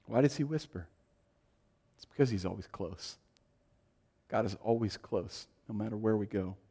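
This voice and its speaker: A man preaching a sermon, swinging from loud, emphatic lines to hushed, quiet ones. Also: lowish voice, normal speed, gravelly, breathy edge. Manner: dynamic, shifting from loud to hushed. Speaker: pastor.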